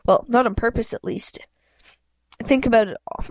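This is a woman reading a children's novel in a plain voice, stumbling often and correcting herself as she goes. Her voice is on the high side and a little mellow, and she reads at a moderate pace. She used a home mic she adjusted herself, and the recording is dry.

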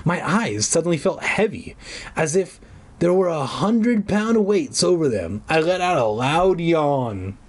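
A man reads a children's book aloud with a lively, swooping voice that sits a bit high. He keeps stopping for sarcastic, profane jokes. The delivery is a loose, casual read-aloud. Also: a little slow. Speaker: reader.

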